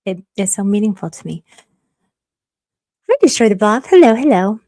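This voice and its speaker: A woman's voice: medium pitch, very animated, moderate pace, warm tone, no echo. A woman hosting a casual livestream, reading viewer super chats, gushing and emotional, often trailing into a whisper. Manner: gushing and emotional, many restarts, drops to a whisper. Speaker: livestream host.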